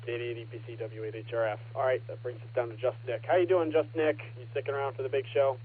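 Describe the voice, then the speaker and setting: A man acting as net control on an amateur radio net, relaxed and joking as he reads out call signs and takes check-ins. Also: medium pitch, fast. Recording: narrow, lightly hissy ham radio transmission.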